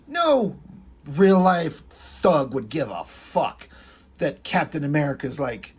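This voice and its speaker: A man talks in a relaxed, meandering way, tossing in swear words and side tangents as he recaps a comic. His voice is husky and sits a bit high. It feels like casual off-the-cuff chat. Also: slow pace. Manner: rambling, swears, reads comic lines aloud. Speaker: comic book reviewer.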